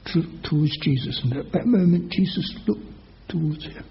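A man preaching a sermon, retelling a scripture story with dramatic emphasis and loud quoted oaths. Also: fairly high pitch, normal speed, creaky. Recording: dull lo-fi recording.

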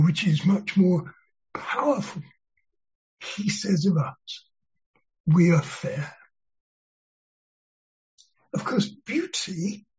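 This preacher delivers an expository sermon in an unhurried, deliberate way, letting each phrase land and stressing the important words. The voice sits at a middling pitch. It comes through a muffled, lo-fi sermon recording. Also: darkish tone. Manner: slow, deliberate and earnest, stressing key words.

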